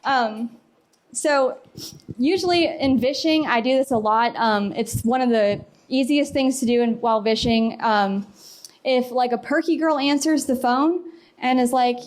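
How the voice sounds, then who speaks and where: A woman's voice: high voice, unhurried. Chatty young woman giving a conference talk. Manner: casual, chatty, laughs often. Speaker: conference speaker. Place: conference hall.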